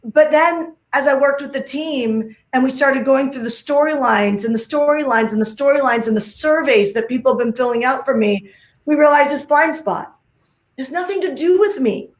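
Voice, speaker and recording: Woman guest speaker, high voice, emphatic and repetitive, roomy video-call sound. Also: moderate pace. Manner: emphatic, repeats phrases, many "like"s. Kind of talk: energetic summit talk.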